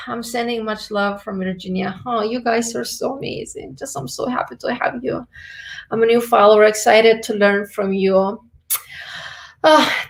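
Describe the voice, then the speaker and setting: Effusive woman with a creaky voice. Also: on the high side. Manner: warm, effusive and affectionate. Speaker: beauty and health YouTuber. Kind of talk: casual livestream chat reading viewer comments.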